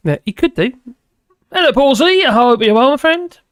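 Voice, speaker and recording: A man's voice: very high-pitched, expressive, a little slow, no echo, clean studio sound. A man hosting a live stream, chatting casually with viewers and rambling between topics while laughing often.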